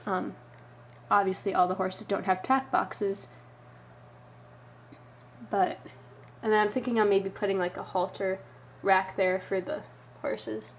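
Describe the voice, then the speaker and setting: A woman's voice: medium pitch, flat delivery, measured pace, pauses often. A young woman giving a casual show-and-tell tour as a vlogger, rambling with lots of ums and uhs. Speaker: model horse hobby vlogger. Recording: dull lo-fi home recording with faint hiss.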